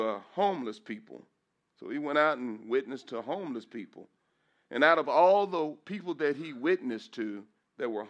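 A middle-aged man, a pastor, giving an emotional testimony in church, preaching with repeated phrases and rising into praise. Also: medium pitch. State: emotional, voice breaking at times.

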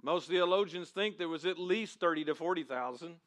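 High bright-voiced preaching pastor. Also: male voice, normal speed. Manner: dramatic, shouting crowd voices in reenactment; prays then preaches with rising emphasis. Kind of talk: sermon.

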